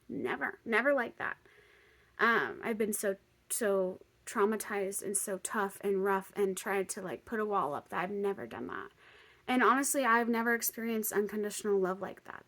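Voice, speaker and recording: A young woman vlogger telling a personal story, animated and chatty, acting out both sides of a conversation with lots of "like". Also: mid-range voice. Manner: animated, lots of "like", acts out dialogue.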